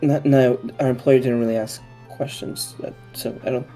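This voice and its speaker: A man runs a tabletop game, playing characters and narrating in a hesitant way. His voice is dark and mellow. Faint music plays behind him. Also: medium pitch, steady tone, normal speed. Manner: hesitant, lots of ums. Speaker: game master.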